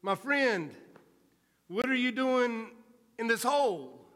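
A preacher quoting a kindly learned man, high and echoing. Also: sing-song, takes it slowly, fairly bright tone, exaggerated voice. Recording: reverberant hall.

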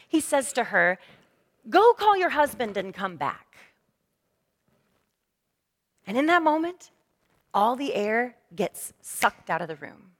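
A woman pastor preaching a sermon in a lively, conversational storytelling manner. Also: a little high. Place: church sanctuary. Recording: long reverb of a church hall.

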